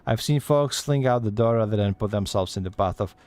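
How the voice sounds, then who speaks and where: A man's voice: fairly low pitch, fairly quick, darkish tone, clear, resonant tone, dry recording, lightly acted. Man putting on a Scottish-accented lady pirate recruiter. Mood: yarn-spinning. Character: female pirate-like guild receptionist, gruff and teasing. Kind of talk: reading game dialogue aloud.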